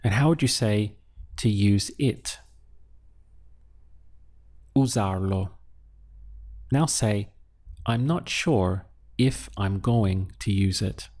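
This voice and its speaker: A man teaching a language lesson, calmly prompting the listener and pausing for their answers. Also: on the low side. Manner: slow, patient prompting with pauses for answers. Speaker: Spanish teacher.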